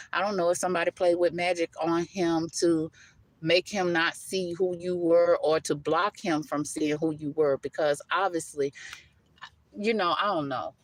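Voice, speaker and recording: A woman's voice: lowish voice, no echo. A woman giving a live tarot-style spiritual reading, emphatic and repetitive, calling the listener baby and honey, talking loosely with self-interruptions. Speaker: tarot reader.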